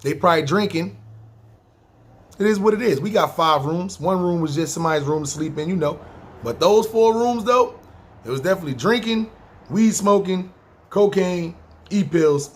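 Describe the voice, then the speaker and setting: A man's voice: on the high side, slightly rough. A man from New York with a New York accent, telling a long story casually, rambling, swearing freely and acting out what people said. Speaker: podcast storyteller.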